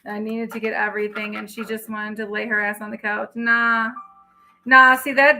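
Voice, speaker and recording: A woman's voice: on the high side, little pitch movement, normal speed, over music, poor audio. A middle-aged woman, a tarot reader, talking to her livestream chat in a blunt, emphatic way that is full of profanity. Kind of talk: casual livestream talk.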